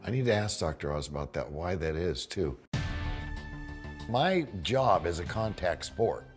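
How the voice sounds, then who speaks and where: An older man from the United States chatting in a video diary, emotional and folksy with rough jokes. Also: low voice, very animated, unhurried, music in the background. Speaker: reality TV bounty hunter. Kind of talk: casual video diary chat.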